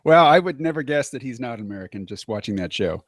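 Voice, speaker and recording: Male host, relaxed chat, laughs easily, mid voice, dead-dry room. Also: mid-range voice, fast, dry recording. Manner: easygoing, laughs often, hesitant fillers. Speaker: podcast host. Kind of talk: casual chat.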